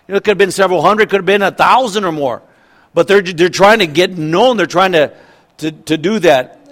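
Lively preaching man, fairly high voice. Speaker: pastor. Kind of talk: sermon.

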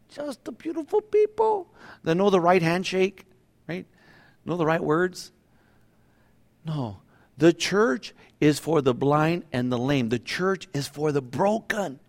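A middle-aged man pastor preaching a sermon in a conversational, animated way, acting out voices now and then. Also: high voice.

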